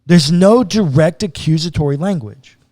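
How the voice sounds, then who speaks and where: A pastor talks through a psalm in a relaxed podcast chat, his voice sitting a little high for a man. He is earnest but casual and slips into everyday speech. The sound is close and dry, with no room around it. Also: moderate pace, dry recording. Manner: casual and earnest, slips into acted quotes of God. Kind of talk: podcast conversation, teaching on scripture.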